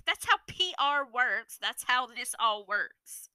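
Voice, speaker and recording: Bright, blunt woman ranting. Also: on the high side, very animated, takes it slowly, few pauses, no room sound, poor audio. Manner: blunt, profane, exasperated ranting. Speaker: streamer and influencer. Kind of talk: ranting vlog monologue.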